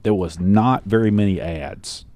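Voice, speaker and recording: A man co-hosting a casual tech radio show, animated and quick to laugh. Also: low-pitched. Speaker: co-host.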